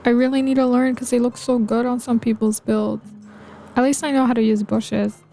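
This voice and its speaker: Woman vlogger, casual, rambling, mellow tone, slightly high. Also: little pitch movement, moderate pace, vocal fry. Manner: rambling, playful, lots of "like" and "you know". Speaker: video game builder vlogger. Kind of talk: casual chat over gameplay. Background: faint background music.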